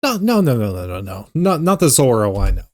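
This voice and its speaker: Animated young man reacting to anime. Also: medium pitch, fairly quick, faint music behind. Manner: animated, exclaiming and stammering. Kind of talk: casual reaction commentary.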